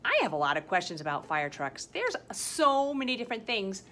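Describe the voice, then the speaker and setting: A woman teaching a science lesson to young children, talking in a slow, sing-song teacher voice full of exaggerated enthusiasm. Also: medium pitch, very animated, fairly bright tone, a little hiss or hum. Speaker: kindergarten teacher. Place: school campus, partly outdoors.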